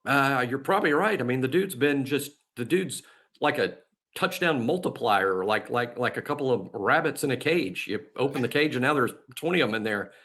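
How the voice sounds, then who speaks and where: This sports podcast co-host has an expressive, fairly bright, medium-pitched voice and speaks at a moderate pace. He meanders while telling stories and making picks in casual conversation, with frequent laughter, filler words, and false starts.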